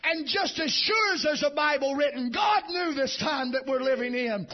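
A man preaching a fiery sermon, shouting in rhythmic bursts and punctuating lines with amen. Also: very high-pitched, animated, moderate pace. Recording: dull lo-fi church recording.

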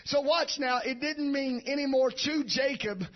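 A man preaching a fiery sermon, shouting in rhythmic bursts and punctuating lines with amen. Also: very high voice, unhurried. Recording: dull lo-fi church recording.

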